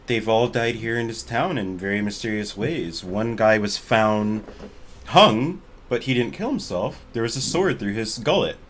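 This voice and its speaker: A chipper young archaeologist woman from a wealthy family, bubbly and blunt, as a man puts her on. Her tone swings up and down with lively energy, and a faint hiss sits behind it. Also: on the low side. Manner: bubbly, blunt, fast-talking. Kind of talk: voicing a character in a tabletop game.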